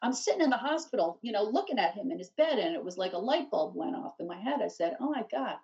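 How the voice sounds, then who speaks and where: A middle-aged woman telling her story in an interview, animated and rambling, full of restarts and "you know.". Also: mid-range voice, fast, slightly rough. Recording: distant dull lo-fi mic.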